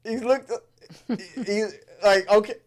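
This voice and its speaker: A man hosting a casual movie podcast, talking in a rambling, profane and animated way. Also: high voice, measured pace. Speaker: podcast host. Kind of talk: casual chat.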